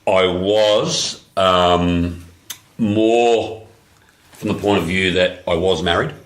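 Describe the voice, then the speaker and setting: A man, a podcast guest, speaking quietly and haltingly in casual chat. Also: low-pitched.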